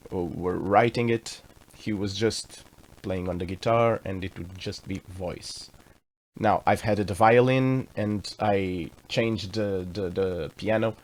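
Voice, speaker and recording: A man composing a song on a livestream, thinking aloud in a rambling way and correcting himself as he explains his steps. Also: fairly low pitch. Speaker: musician composing a song on stream. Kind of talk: casual thinking-aloud walkthrough.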